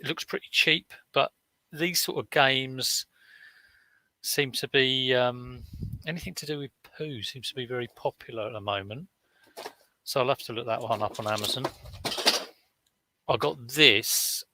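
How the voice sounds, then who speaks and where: A man in casual live-stream chat, telling rambling stories full of fillers and restarts. His voice is bright and forward, and the recording is dry and close. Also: mid-range voice, no echo. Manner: rambling, chatty storytelling with many fillers and restarts. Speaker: reseller vlogger.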